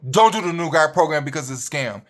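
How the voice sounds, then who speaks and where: A man's voice: fairly high pitch, lively intonation, fast talker, a little hiss or hum. A young man, a registered nurse, ranting bluntly and profanely straight at his viewers.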